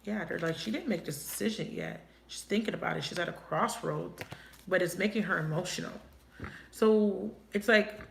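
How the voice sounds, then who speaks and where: A woman giving a live tarot reading, thinking aloud and asking quick, emotive questions. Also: fairly low pitch, vocal fry. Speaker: tarot reader. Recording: echoey room, faint noise.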